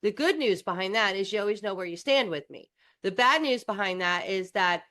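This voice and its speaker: A woman's voice: medium pitch, animated, fairly quick, bright, forceful tone. A woman co-hosting a podcast in casual chat, blunt and outspoken. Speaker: podcast co-host.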